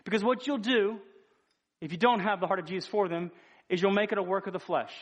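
A man delivers a sermon in a high, light voice. He speaks earnestly and conversationally, often stopping to restart a phrase before pressing his point. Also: fairly quick. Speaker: preacher.

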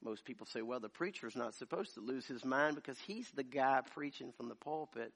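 Gravelly preacher man telling a story. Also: medium pitch, lively intonation, moderate pace, few pauses. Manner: shifts from quiet storytelling to loud shouted preaching. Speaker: pastor. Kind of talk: sermon. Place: church.

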